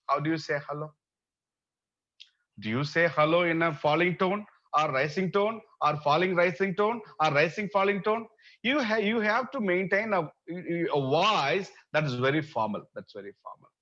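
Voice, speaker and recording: A man giving an online university lecture, repeating phrases, asking rhetorical questions and pausing often with "uh". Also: on the high side, fairly bright tone, lo-fi sound.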